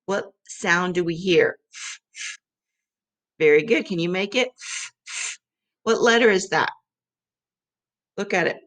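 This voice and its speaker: A woman's voice: lowish voice, slow, pauses often, fairly bright tone. A woman teacher giving a patient vocabulary lesson for young children, sounding out letters and clapping syllables.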